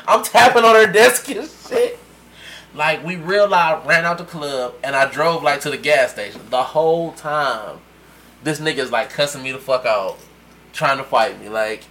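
A man telling a story in casual chat, animated and laughing often as he acts out quotes. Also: a little high, moderate pace, slight background noise, rough recording. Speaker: podcast co-host telling a story.

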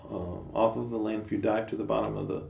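A man doing a calm, wise creator spirit. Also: fairly low pitch, fast talker, creaky. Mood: measured. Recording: roomy, distant mic.

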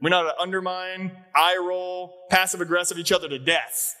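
A male pastor preaches in a church, his voice sitting high and sounding bright. He keeps it conversational, tossing rhetorical questions out to the congregation. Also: steady tone, moderate pace, faint music behind. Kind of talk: sermon. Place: church sanctuary.

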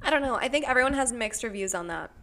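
A young woman in her twenties chats casually on a podcast, her voice sitting a little high. She tells stories with lively quoted dialogue and sounds wired on caffeine. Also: fast talker, noisy background. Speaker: podcast co-host. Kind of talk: casual chat.

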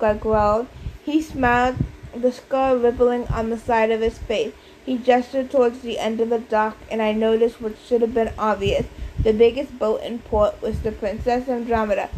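Mellow woman narrating a storybook. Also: fairly high pitch, normal speed, slight background noise, rough recording. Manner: steady storytelling. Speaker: audiobook narrator. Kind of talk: scripted narration.

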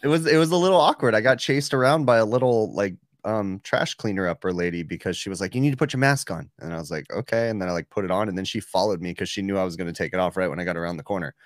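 Low-voiced man hosting a casual podcast. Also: rapid-fire, hardly any pauses, no room sound, studio quality. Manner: relaxed, lots of filler words, laughs easily. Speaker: podcast host. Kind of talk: casual chat.

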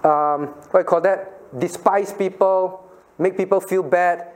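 A man's voice: high-pitched, fairly even intonation, a little slow, a little mellow. A middle-aged man, a pastor giving a playful Bible lesson to children and asking them questions. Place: church room with children.

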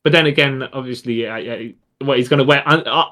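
Chatty male co-host, mid pitch, rambling delivery. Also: fast, sharp tone. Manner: rambling, restarts a lot, says yeah often. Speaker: podcast co-host. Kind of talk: casual chat.

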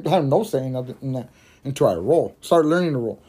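Rambling, swearing stoner man, mellow voice. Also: mid-range voice, expressive, quick pace, slightly rough. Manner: rambling, heavy swearing, laughs at own jokes. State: high while smoking. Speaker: podcast host. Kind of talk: casual storytelling monologue.

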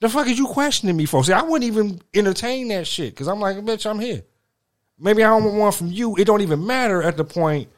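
A man's voice: sits high, animated, fast talker, hardly any pauses. Ranting, foul-mouthed man podcast host. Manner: loud, ranting, swears heavily. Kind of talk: casual profane chat.

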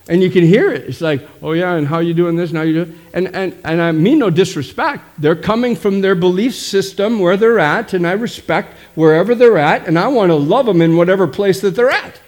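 Preaching with emphasis, a middle-aged male pastor keeps asking "amen?" throughout his sermon. He has a high-sitting voice with a darkish tone.

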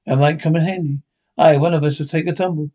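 Men playing bickering old Scottish pensioners. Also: male voice, a little high, natural voice. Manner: quick, sweary, deadpan banter. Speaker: sitcom characters. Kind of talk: scripted sitcom dialogue.

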